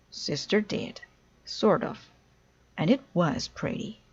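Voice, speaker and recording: A woman reading a children's storybook aloud in a clear, deliberate storytelling way. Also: lowish voice, big pitch swings, highs cut off. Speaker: storybook reader. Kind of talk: children's read-aloud narration.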